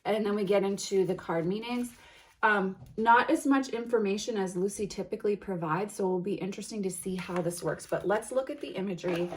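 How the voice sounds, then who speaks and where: A woman hosting a tarot unboxing, reading card titles aloud in a gentle, admiring way with soft exclamations. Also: medium pitch, brisk. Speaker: tarot reader and channel host.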